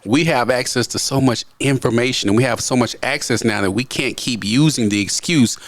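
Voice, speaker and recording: A man holds forth on a casual podcast. He is blunt and profane, and his delivery rises and falls with feeling. His voice sits mid-pitch and sounds dry and close, with no room echo. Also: fairly quick, fairly bright tone. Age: late 30s. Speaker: podcast host.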